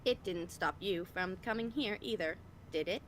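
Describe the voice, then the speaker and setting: A woman's voice: on the low side, moderate pace, a little hiss or hum, close to an everyday voice. A woman voicing a chipper, slightly robotic brain in a jar. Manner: upbeat and flirty. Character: cheerful, energetic female brain in a jar. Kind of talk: fan voicing of game dialogue. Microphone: voice call over the internet.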